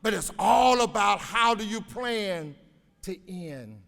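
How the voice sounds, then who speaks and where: A man's voice: high-pitched, a bit bright. A man in his sixties, an educator giving a motivational graduation speech with folksy storytelling, exhorting the crowd. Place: large auditorium. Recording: reverberant hall.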